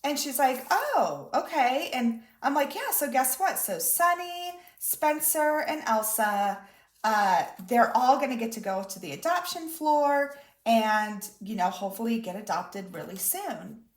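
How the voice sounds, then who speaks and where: In an echoey room, this mother speaks a little slowly, her voice on the high side with lively intonation. Vlogging to her viewers, the adult mom of a school-age daughter chats through a casual story filled with quoted dialogue.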